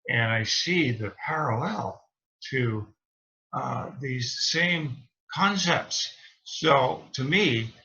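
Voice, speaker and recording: This man is a reverend hosting a live interview. He has a bright, tense edge and middle pitch, and he keeps affirming his guest with enthusiasm. His audio is dull and lo-fi. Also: animated, very slow. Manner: enthusiastic, affirming, frequent backchannels.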